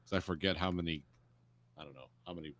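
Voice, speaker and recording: A man's voice: sits low, fairly even intonation, fast talker, fairly bright tone, slight background noise. A man co-hosting a podcast, chatting casually about a movie with laid-back, practical asides. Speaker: podcast co-host.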